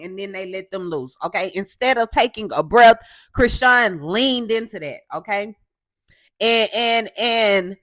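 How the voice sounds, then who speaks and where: A woman from Houston hosting a casual commentary show, loud and assertive, with a coarse voice, often tagging "okay?". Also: a little high, dry recording. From Houston, Texas. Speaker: host.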